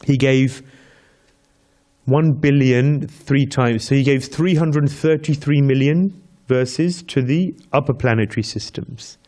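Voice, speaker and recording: A man teaching a devotional scripture class in a medium-pitched voice. He tells his story in steady repeated steps and breaks into chanted Sanskrit verses. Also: slow pace. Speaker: speaker giving a scripture class. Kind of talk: devotional lecture.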